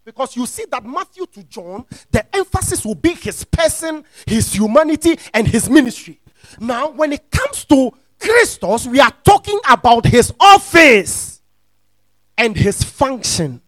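Male pastor, very high and lively voice, slow deliberate teaching, dry close sound, repeats himself and checks on listeners. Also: no echo. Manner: repeats phrases, checks listeners are following; rises into shouted, sing-song emphasis. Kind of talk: sermon teaching.

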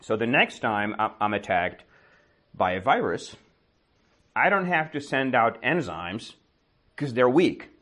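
A man's voice: medium pitch, big pitch swings, a little slow, pauses often, fairly bright tone. A man teaching with a casual story, asking and answering his own questions and often adding "right?".

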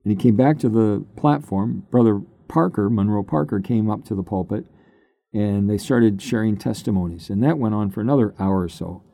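An older man, a pastor, telling his personal testimony in an unhurried, halting way that turns emotional at times. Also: on the low side, vocal fry, warm tone, dry recording, studio quality. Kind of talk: personal testimony, conversational storytelling.

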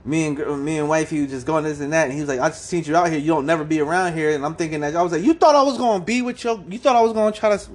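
A man's voice: a little high, rapid-fire, few pauses. A man co-hosting a casual chat, telling stories in slangy speech, swearing freely and acting out the dialogue he quotes. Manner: animated storyteller, acts out quoted dialogue, laughs often. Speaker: podcast co-host.

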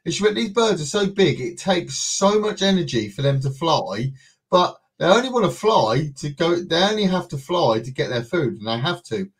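A man chats as a guest on a talk show, relaying a story secondhand with restarts and asides. His voice is a bit high and husky. He wanders toward his point in an easy, loose way. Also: sing-song, normal speed. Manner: rambling, restarts, retells what someone said. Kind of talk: casual chat.

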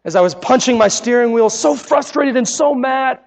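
A man preaching a sermon, telling personal stories in an earnest way and dropping to a hush at key moments. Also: very high voice, moderate pace, vocal fry, few pauses, big-room sound. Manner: earnest, personal storytelling with dramatic quiet drops. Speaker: pastor.

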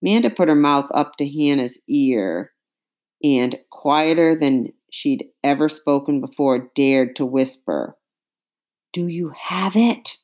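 Low-voiced lady reading a novel aloud, slow and suspenseful. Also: a little mellow. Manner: measured, suspenseful storytelling. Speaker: audiobook narrator. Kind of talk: audiobook narration.

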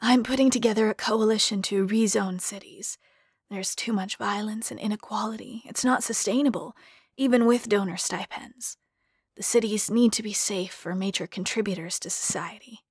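Woman reading scheming older lady senator, hushed and confiding, dry close voice, audiobook. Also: mid-range voice, fairly even intonation, unhurried, husky, dry recording. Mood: conspiratorial.

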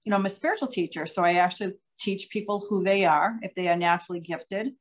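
A woman's voice: lowish voice, fast. A middle-aged woman from outside Boston with a light Boston accent, talking earnestly and at length as a podcast guest, with frequent "um"s and restarts. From Massachusetts, US. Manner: earnest, talkative, many fillers and restarts. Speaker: guest, psychic medium and author. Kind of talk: casual interview chat.

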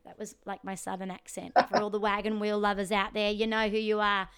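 A woman's voice: mid-range voice, level tone, brisk, hardly any pauses, fairly bright tone, smooth. A woman in her thirties, an entertainer and life coach, chatting casually and animatedly on a podcast with laughing asides. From Australia. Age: 30s.

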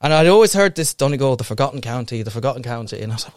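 A man's voice: medium pitch, lively intonation, rapid-fire, a little mellow, dry recording, studio quality. A young Irish man in casual chat, rambling and swearing freely as he tells stories. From Ireland.

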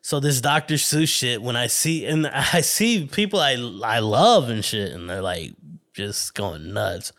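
A man's voice: medium pitch, lively intonation, measured pace, a bit bright. A man hosting a solo podcast, rambling casually, swearing constantly and laughing often. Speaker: podcast host.

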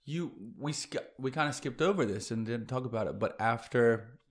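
A man's voice: medium pitch, moderate pace. A man hosting a casual interview, attentive and asking open questions. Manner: attentive, brief affirmations. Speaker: podcast host.

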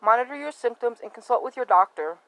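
A woman podcast host reading a scripted public service announcement in an even, read-aloud delivery. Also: on the high side, quick pace, low-quality recording.

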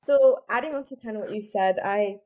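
A woman's voice: medium pitch, a little fast, mellow, lo-fi sound. A young woman co-hosting a podcast, asking guests questions in a hesitant, careful way. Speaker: co-host.

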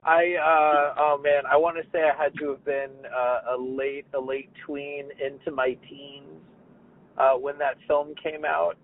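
A man's voice: on the high side, level tone, unhurried, dry recording. A male podcast host in casual chat, jokey and full of restarts, who likes trying out silly voices. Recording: dry tinny phone-like line.

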